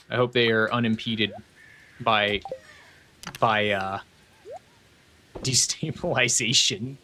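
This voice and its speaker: A man's voice: on the low side, pushed and bright, slight background noise. A man streaming a video game from home, chatting casually and rambling off on tangents while reading chat aloud.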